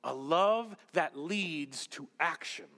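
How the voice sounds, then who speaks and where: A man's voice: on the high side, lively intonation, pushed and bright. Male pastor, sermon, earnest, rhetorical, long hall reverb. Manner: earnest, rhetorical, slows for emphasis.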